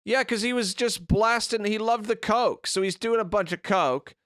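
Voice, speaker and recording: High-voiced man ranting casually. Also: moderate pace, fairly bright tone, dry recording, studio quality. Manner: opinionated, profane ranting. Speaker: podcast co-host. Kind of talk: casual chat. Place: remote recording.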